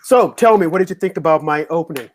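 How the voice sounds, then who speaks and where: A man's voice: a little high, fast talker, a little hiss or hum. A man hosting a live political talk show, opening with an impassioned monologue full of rhetorical questions. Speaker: host.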